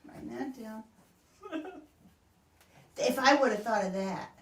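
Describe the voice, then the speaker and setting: A woman's voice: fairly high pitch, slow. A middle-aged woman co-hosting a casual stream chat, laughing often and trailing off mid-thought. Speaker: co-host. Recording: roomy echo, distant from the mic.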